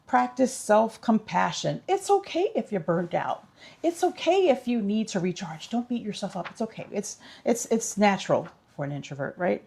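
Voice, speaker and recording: A woman's voice: medium pitch, big pitch swings, moderate pace, gravelly, darkish tone, slightly rough. A woman vlogger giving casual tips in an upbeat, chatty, instructive way.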